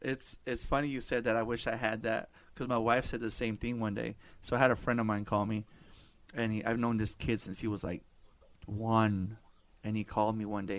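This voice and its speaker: A man's voice: lowish voice, flat delivery, moderate pace. A man hosting a podcast, telling stories casually with laughs and easy swearing. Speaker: podcast host. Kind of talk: casual conversation.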